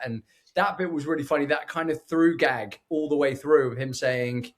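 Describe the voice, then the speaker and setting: Male film podcast co-host, upbeat and animated, voice a touch high. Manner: enthusiastic, quick to agree, animated. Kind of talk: casual film review chat.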